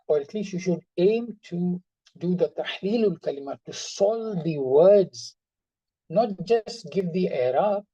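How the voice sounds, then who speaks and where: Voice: mid-range voice, mellow, no room sound, rough recording. A teacher giving an online grammar class, explaining patiently, repeating examples and stressing words through tone of voice.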